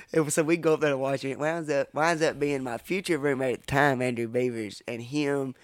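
A man's voice: mid-range voice, steady tone, brisk, dry recording. Young male co-host, profane rambling storyteller, dry close sound. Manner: profane, rambling, laughs while telling stories. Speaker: podcast co-host. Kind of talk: casual storytelling chat.

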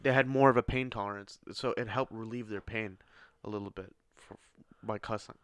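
A man's voice: fairly low pitch, steady tone, brisk, clean tone, no room sound. A man co-hosting a casual podcast chat with his son, teasing him and laughing often. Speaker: podcast co-host.

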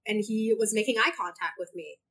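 A young woman from Hong Kong, a podcast guest telling a story in a lively, casual way and laughing often. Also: mid-range voice, a little fast, slightly rough. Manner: animated, laughs often, acts out her own thoughts.

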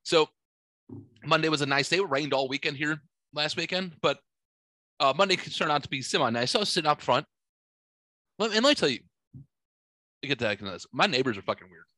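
A man's voice: fairly high pitch, expressive, brisk, pauses often, pushed and bright, no room sound. A man hosting a podcast, telling rambling, profane stories in casual chat. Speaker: podcast host. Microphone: studio microphone.

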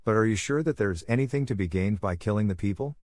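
A man reading a storybook aloud, voicing a big, menacing male cobra who talks in a cold, deliberate way. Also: on the low side, darkish tone, no echo, studio quality, natural voice. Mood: plotting.

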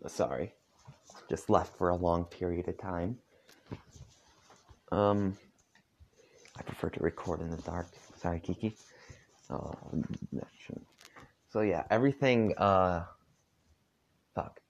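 A tired man casually reading a story aloud at home, halting often with asides. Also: low voice, slight background noise. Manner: halting, with frequent asides and filler. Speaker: fanfiction reader. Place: dark room at home.

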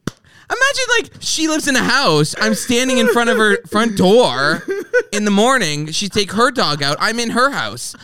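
A man's voice: sits high, very animated, normal speed, crowd noise. A man hosting a podcast, chatting casually and telling stories, acting out the people he quotes and swearing freely. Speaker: podcast host. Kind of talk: casual chat.

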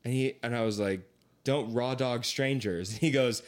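A young man telling a long story in casual chat, acting out voices as he goes. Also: normal speed. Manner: animated, acts out quoted voices with big pitch swings.

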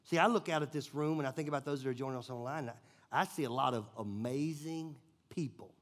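A man from Tennessee with a Southern accent, a pastor telling a sermon story, swinging between loud bursts and hushed moments. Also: mid-range voice, quick pace. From Nashville, Tennessee, US. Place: church.

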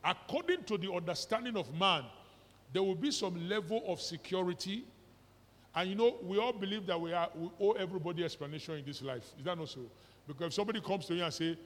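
Fast and animated, a middle-aged pastor with a Nigerian accent preaches in a high voice, switching between pidgin and English. He peppers the congregation with rhetorical questions, and the church hall recording echoes.

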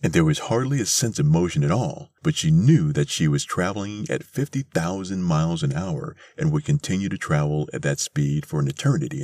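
Low husky male story narrator. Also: a little mellow, no echo, studio quality. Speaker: podcast host and reader. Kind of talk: scripted narration of a short story. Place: mobile studio in a converted school bus.

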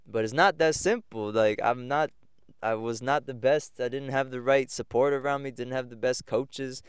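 In studio-quality audio with a clean tone and no room sound, a young American podcast host speaks at a normal pace in a medium pitch. He rambles reflectively through personal stories, often using fillers and starting over.

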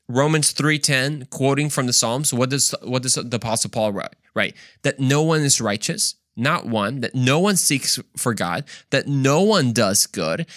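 With a medium-pitched, fairly bright voice and studio quality free of room sound, a man hosts a Christian podcast. He delivers an emphatic solo talk, peppering it with rhetorical questions and repeatedly restarting and repeating himself.

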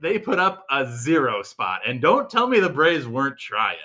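Podcast co-host, male, bright and crisp in tone, chatty and quick to laugh. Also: mid-range voice. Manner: chatty, animated, laughs often. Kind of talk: casual sports chat.

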